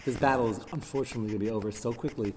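A man giving a Torah class lecture, taking questions and acting out the quotes he reads with quick asides. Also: mid-range voice, steady tone, a little mellow. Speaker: rabbi teaching a class. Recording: reverberant hall with faint background noise.

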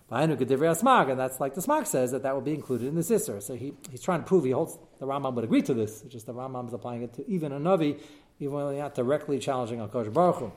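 A man teaching a text-study class at a brisk clip, with a voice of ordinary middle pitch for a man. He explains animatedly and fills his pauses with "uh" and "um.". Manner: animated, quick explaining with frequent fillers.

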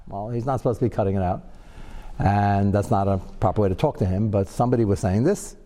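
A man gives a Torah class lecture in a mellow, relaxed voice. He is animated and leaps into a high pitch when he acts out quoted lines. His words carry a long reverb, as in a hall. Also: quick pace. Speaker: Torah teacher.

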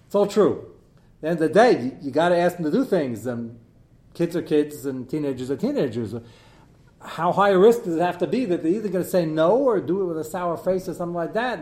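A middle-aged man teaching a live class as its rabbi, animated and joking, with many fillers as he digresses. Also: on the high side, echoey room. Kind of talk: live lecture to an audience.

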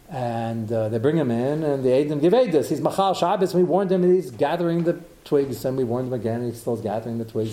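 A man's voice: medium pitch, dark tone. A man teaching a Talmud lecture who thinks aloud, asks rhetorical questions and mixes in Hebrew terms. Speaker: Torah teacher.

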